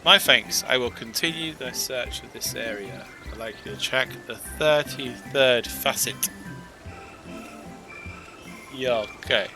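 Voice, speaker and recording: A man's voice: mid-range voice, takes it slowly. A man voicing a flustered, apologetic male archivist in a video game, stammering now and then, with game music behind. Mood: grateful. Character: fretful male archivist seeking a lost specimen.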